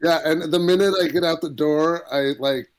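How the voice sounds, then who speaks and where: A man's voice: a little high, fairly even intonation, normal speed, clean tone. Man joking around in a tabletop game. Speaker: player. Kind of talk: casual tabletop game chat.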